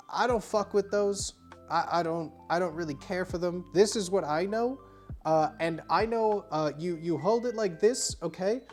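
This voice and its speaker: A tipsy woman bartending on a livestream chats and rambles, with many fillers, while demonstrating a cocktail in a casual demo. Her mid-range voice has a darkish tone, and faint music plays behind her.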